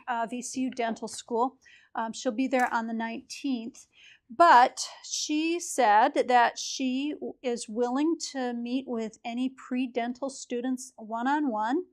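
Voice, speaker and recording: A woman lecturing a chemistry class in a casual, explanatory way, with a few fillers as she goes. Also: high-pitched.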